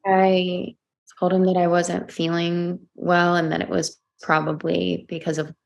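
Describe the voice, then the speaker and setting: A woman's voice: on the low side, monotone, a little slow, vocal fry, lo-fi sound. A young woman recounting a fight with her husband in a hesitant way, full of fillers. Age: young adult. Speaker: participant sharing a conflict. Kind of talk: personal account in counselling session.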